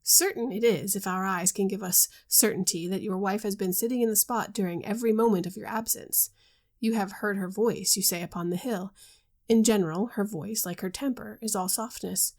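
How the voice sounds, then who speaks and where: A woman's voice: mid-range voice, fairly even intonation, moderate pace, darkish tone, close to an everyday voice. A woman reading the part of a light-hearted, teasing young male friend, in a wry, bantering way and in her own voice.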